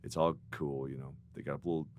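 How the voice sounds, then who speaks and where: A middle-aged man, a guest musician, telling animated, rambling stories in a podcast interview. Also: very deep voice, quick pace. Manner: animated storyteller, rambling with restarts.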